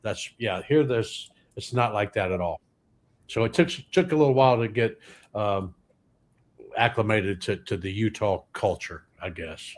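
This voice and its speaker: A guest comedian from Louisiana, US, in his 60s, tells wandering anecdotes with deadpan punchlines on a podcast. His voice is fairly low-pitched and his speed is normal.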